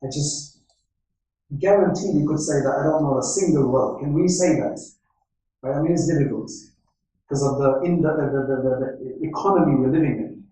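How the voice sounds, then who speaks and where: A man's voice: a little high, a little fast, mellow. Male scholar lecturing in an echoey hall. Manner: storytelling with Arabic quotations and frequent "right?". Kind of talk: religious lecture. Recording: echoey hall, speaker far from mic.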